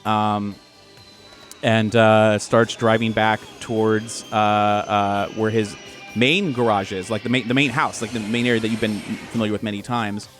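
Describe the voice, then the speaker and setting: A man's voice: lowish voice, level tone, normal speed, a bit bright, soft background music. A man narrating as game master of a tabletop role-play, in a loose, filler-heavy way.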